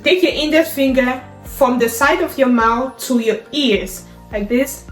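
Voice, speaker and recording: A woman's voice: sits high, a little slow, hardly any pauses. A woman teaching sign language step by step, saying each word aloud and then explaining the hand motions. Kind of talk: step-by-step instruction. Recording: echoey room with faint music.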